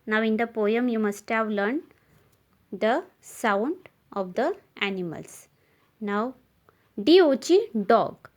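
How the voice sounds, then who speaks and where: A woman teacher with an Indian English accent, leading young children through a slow classroom recitation and spelling each word letter by letter. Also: a little high, animated, a little mellow. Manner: spells words letter by letter and repeats them.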